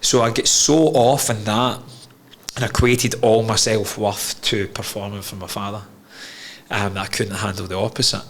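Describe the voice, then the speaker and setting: A man with a Scottish accent talks things through in an earnest, reflective way, swearing casually as he goes. His voice sits low, and a faint hiss runs under the recording. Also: steady tone, moderate pace. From Scotland. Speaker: podcast guest. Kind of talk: candid conversation.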